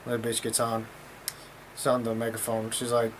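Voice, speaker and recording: A man's voice: mid-range voice, flat delivery, brisk, slight background noise. A man telling a story in a casual vlog, talking in a blunt, profane, rambling way.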